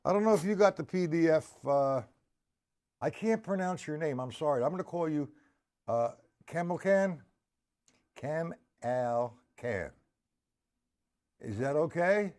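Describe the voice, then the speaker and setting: A drum teacher on a live stream speaks at normal speed in a fairly high, animated voice with a darkish tone. Addressing viewers by name, he explains the lesson step by step in a blunt, informal way, cursing once in a while.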